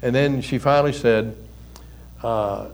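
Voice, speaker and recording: A man's voice: medium pitch, unhurried. Older man preaching in a folksy way. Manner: folksy storytelling with soft chuckles. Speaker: pastor and counselor. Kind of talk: conversational sermon.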